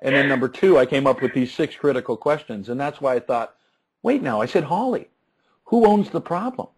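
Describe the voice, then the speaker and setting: A man in his fifties, a success coach, telling an animated story in an interview, chuckling and often restarting his words. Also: mid-range voice, brisk, husky, poor audio.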